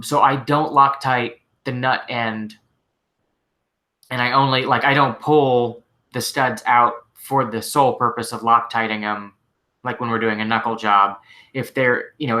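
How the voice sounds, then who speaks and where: Bright-voiced male shop mechanic host. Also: mid-range voice, unhurried. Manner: relaxed, rambling, frequent fillers like "like" and "you know". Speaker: host answering viewer questions. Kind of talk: casual live-stream Q&A.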